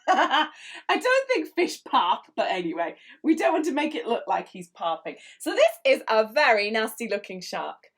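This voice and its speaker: Animated woman teaching kids to draw. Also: a little high, moderate pace. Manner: animated, encouraging, playful sound effects. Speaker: children's drawing tutor. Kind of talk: draw-along lesson for children.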